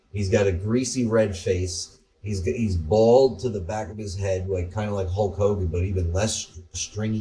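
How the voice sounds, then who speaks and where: A man's voice: low-pitched, warm tone, recorded from a distance. A man co-hosting a casual podcast, telling rambling stories with some profanity. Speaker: podcast co-host. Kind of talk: casual chat.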